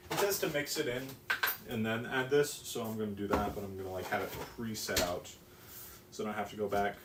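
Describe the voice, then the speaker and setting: A teenage boy live-streams from his home kitchen while baking, rambling along in a self-mocking way and swearing casually. His voice is a lowish male voice, steady and brisk, and the recording is noisy, with a distant mic in an echoey room.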